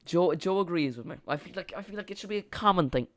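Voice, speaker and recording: A man's voice: high-pitched, expressive, fast talker, fairly bright tone. A man hosting a live football watch-along, rambling and joking with his chat while calling the play.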